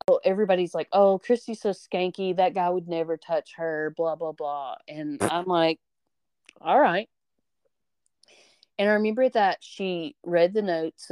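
Storytelling woman, smooth lowish voice. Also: dry recording, studio quality. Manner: animated, acts out quoted voices, swears freely. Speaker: podcast host. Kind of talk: casual storytelling chat.

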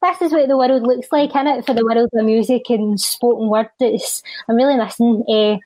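A woman's voice: on the high side, steady tone, warm tone, a little hiss or hum, poor audio. Scottish woman, rhythmic spoken word delivery. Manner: rhythmic recital, then quick chatty talk. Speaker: charity guest and spoken word poet. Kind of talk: spoken word poem and casual chat.

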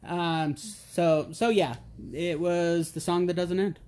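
Animated joking middle-aged man. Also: fairly high pitch, takes it slowly. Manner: animated storyteller, acts out quotes, jokey. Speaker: interview guest. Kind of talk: casual podcast interview.

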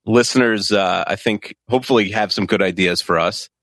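A man's voice: fairly low pitch, a little fast, fairly bright tone, no room sound, clean studio sound. A man in his forties co-hosting a podcast, chatting casually and rambling with many hesitations. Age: 40s. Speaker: podcast co-host. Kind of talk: casual chat.

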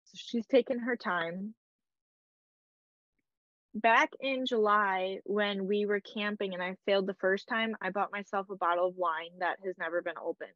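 A woman's voice: medium pitch, fairly even intonation, normal speed, no room sound, lo-fi sound. A young woman telling a personal story in a casual, emotional way, peppered with "like" and quoted dialogue. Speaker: guest.

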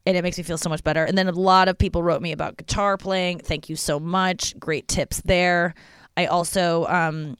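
A woman's voice: on the low side, fairly even intonation, normal speed, clear, resonant tone, no room sound. A young woman hosting a casual solo podcast from her porch at home, chatty and rambling, swearing freely. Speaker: podcast host.

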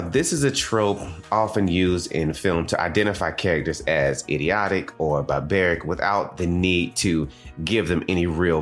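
A man from the American South with a Southern accent, giving a casual spoken review as a show host, chatting with asides to his audience. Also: sits low. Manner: conversational, with digressions and asides to the audience. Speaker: anime reviewer and podcast host.

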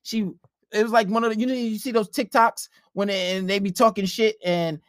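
A man's voice: sits high, fairly even intonation, a little fast, a bit bright, dry recording, studio quality. A man telling a profane story in a casual podcast chat, acting out the quotes. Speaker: podcast host.

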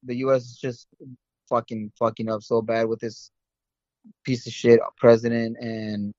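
A man chats on a podcast in halting bursts, full of uhs and curse words. His mic sounds dull and lo-fi. The sound is dry. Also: mid-range voice, little pitch movement, warm tone, no echo. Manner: halting, many uhs, profane. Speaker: podcast co-host. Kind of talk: casual podcast discussion.

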